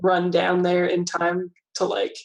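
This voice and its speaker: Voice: medium pitch, completely flat delivery, takes it slowly, creaky, a crowd in the background, rough recording. A player in a tabletop game, giggly and rambling with many fillers. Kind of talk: tabletop game role-play.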